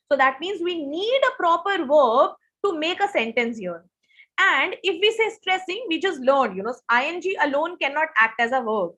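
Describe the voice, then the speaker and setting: Brief: high-pitched young woman, online SAT grammar teacher who quizzes her class. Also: a bit bright. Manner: asks students questions, reads answers from chat. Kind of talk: live online grammar lesson.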